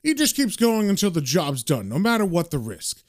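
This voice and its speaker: A man's voice: high voice, wildly swooping pitch, moderate pace, a little mellow. A smug crime boss who makes cold threats, read by a man in a fairly plain voice. He sounds menacing. He is a figure in a comic-book recap.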